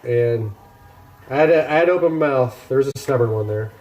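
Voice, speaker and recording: A man's voice: mid-range voice, a little fast, darkish tone. Easygoing man chatting while cooking. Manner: chatty and self-deprecating, talking to chat while working. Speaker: livestreamer cooking meal prep. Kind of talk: casual live-stream chat while cooking. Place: home kitchen.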